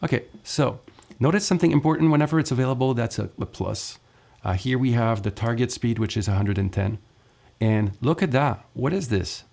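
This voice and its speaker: Expressive and slightly fast, this medium-pitched, creaky voice belongs to a man teaching ukulele informally. He counts the beats while strumming and talks between attempts, with the instrument playing loudly under him.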